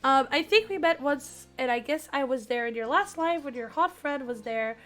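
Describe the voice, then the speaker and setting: A young woman in her twenties streaming herself reading a dating game aloud, giggly and excitable, her voice strained and cracking. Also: sits high, moderate pace. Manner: giggly, excitable, chats with viewers.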